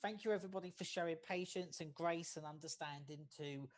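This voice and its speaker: An American facilitator leads an online training workshop in a measured, deliberate manner, laying out one point at a time. After each she adds a quick "okay?" so the remote participants keep up. Her mid-range voice comes through a video-call microphone.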